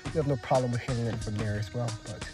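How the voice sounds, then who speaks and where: A man hosting a talk broadcast, lecturing slowly and repeating himself while he speaks of himself in the third person. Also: mid-range voice, fairly even intonation, music in the background. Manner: deliberate, repetitive, refers to himself in the third person; lecturing, with drawn-out emphasis and spelled-out words. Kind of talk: self-promoting monologue.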